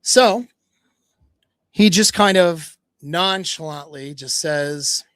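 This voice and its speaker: A man's voice: fairly high pitch, takes it slowly, fairly bright tone, dry recording. Blunt, casual man with a dry, close sound. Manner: blunt, casual, swears freely. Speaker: dating coach. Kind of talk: livestream talk, telling a story.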